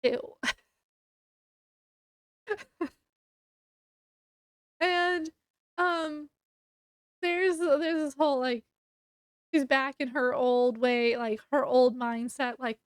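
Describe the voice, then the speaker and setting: A young woman with a high voice talks through a novel's plot in a relaxed, unhurried way. She is chatty and laughs often, with plenty of fillers. Her voice sounds close and dry. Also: clear, resonant tone, no room sound. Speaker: book reviewer. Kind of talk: casual book review retelling the plot.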